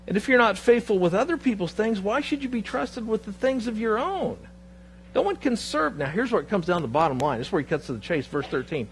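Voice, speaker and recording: A man preaching a sermon as pastor, telling a personal story with lively quoted dialogue before turning to scripture. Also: high voice, fairly quick, slightly rough. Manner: storytelling, animated, quoting others in his anecdotes. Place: church sanctuary.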